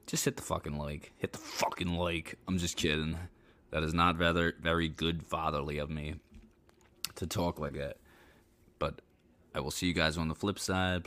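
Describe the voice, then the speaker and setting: A man with a notably deep, low-pitched voice chats alone on his podcast. He sounds worn out and talks in a loose, rambling way, dropping the odd curse word casually. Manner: rambling and relaxed, swears casually. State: tired. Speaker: podcast host. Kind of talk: casual solo podcast chat.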